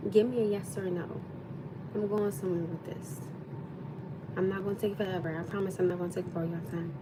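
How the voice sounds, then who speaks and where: A woman's voice: medium pitch, steady tone, brisk, heavy background noise. A woman in her thirties hosting a casual livestream, rambling and chatting with viewers, thanking them as she goes. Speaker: livestream host.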